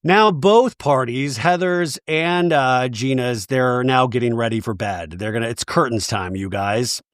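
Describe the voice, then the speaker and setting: A man's voice: medium pitch, measured pace, fairly bright tone, no room sound, studio quality. A man hosting a podcast, giving a rambling, sarcastic, profane comedic recap of a TV episode. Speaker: podcast host.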